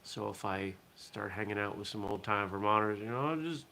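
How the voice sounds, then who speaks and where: A man from southern Maine hosts a relaxed morning stream. His voice sits fairly low but has a bright, forceful edge. He rambles easily and answers viewer comments as he goes. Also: normal speed, creaky, slight background noise. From southern Maine, USA. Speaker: host of a martial arts morning show. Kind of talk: casual live-stream chat.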